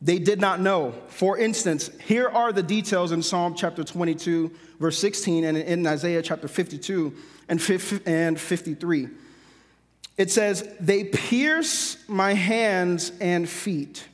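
A man's voice: high-pitched, steady tone, measured pace. A man preaching a sermon emphatically, repeating phrases for stress. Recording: long hall reverb.

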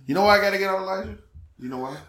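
A man's voice: sits high, expressive, very fast, fairly bright tone. A man co-hosting a podcast, chatting casually with a friend, teasing him and laughing often. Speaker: podcast co-host. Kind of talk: casual chat.

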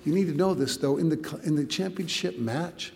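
A man's voice: a little high, fairly quick, vocal fry, a little mellow, big-room sound. A man preaching a sermon as a pastor, telling a story with swelling and dropping volume and repeated words.

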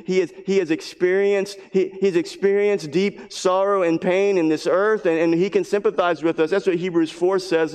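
A man preaching a sermon as pastor, earnest, repeating his phrases and dropping to a hushed voice for emphasis. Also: on the high side. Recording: long hall reverb.

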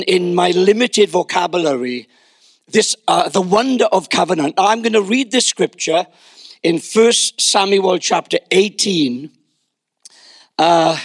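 An older pastor preaches a sermon, telling stories and dropping wry asides, often repeating words as he builds a point. His voice sits high for a man and sounds close and dry, with no room echo.

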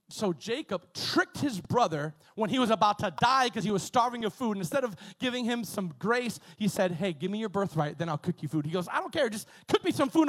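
Guy preaching a sermon, pretty high voice, loose and chatty, keeps repeating himself and checking in w the crowd. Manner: animated, conversational preaching with many repetitions and asides. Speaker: pastor.

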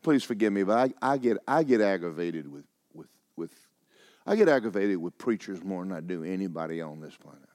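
A man's voice: sits low, expressive, fairly quick, a little mellow, dry recording, studio quality. A man preaching a sermon as pastor, telling a story with emphatic, rising delivery.

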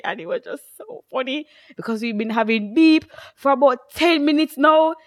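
A young woman, co-hosting a casual chat podcast and telling stories in an animated way, laughing often. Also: high-pitched, normal speed, few pauses. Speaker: podcast co-host.

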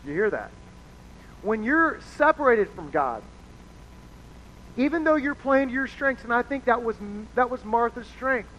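A man's voice: very high-pitched, expressive, measured pace, pauses often, fairly bright tone. A man preaching a conversational sermon as pastor, casual and chatty, acting out the people he quotes. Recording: dull lo-fi sound with faint noise.

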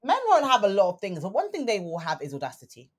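Woman co-host with lively pitch. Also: fast talker. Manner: reacting with short interjections. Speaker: podcast co-host. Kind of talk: casual chat.

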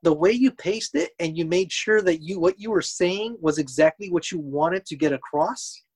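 A man's voice: on the high side, normal speed, darkish tone, breathy edge. A man in casual chat, laid-back and explaining his point with a few restarts.

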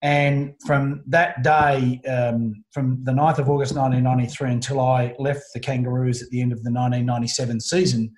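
A middle-aged Australian man telling a personal story in an interview, earnest and halting, often restarting his sentences. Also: mid-range voice, level tone, a little mellow. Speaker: guest. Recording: roomy echo.

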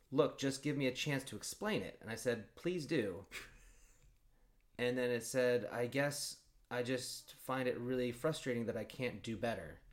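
A man chatting casually as a podcast co-host, rambling through a story and reading messages aloud in a flat voice. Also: mid-range voice. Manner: rambling storyteller, swears, reads chat logs aloud in a flat voice. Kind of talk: casual chat.

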